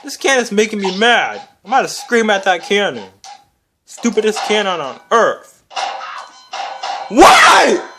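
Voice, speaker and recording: A furious puppet hand, as a performer puts it on, shouting insults and baffled questions at a video game in comedic in-character commentary. The voice leaps wildly up and down in pitch but drags its words out slowly, with game music playing underneath. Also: very animated. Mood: raging. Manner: yells insults and exasperated questions.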